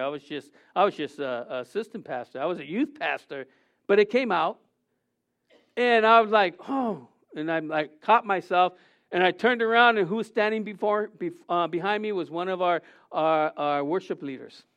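Middle-aged male pastor with a high, smooth voice, preaching conversationally with rhetorical questions and frequent restarts. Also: a bit bright. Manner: frequent restarts and self-corrections. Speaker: senior pastor. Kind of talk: sermon.

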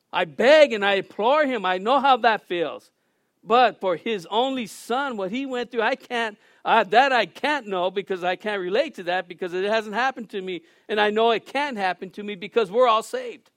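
A man with a high, light voice preaches a sermon to his congregation. He swells into loud, pleading emphasis and then eases back to calmer teaching. The sound is dry and close, with little room echo. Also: normal speed. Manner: preaching with rising emphasis, shouting at peaks. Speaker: pastor.

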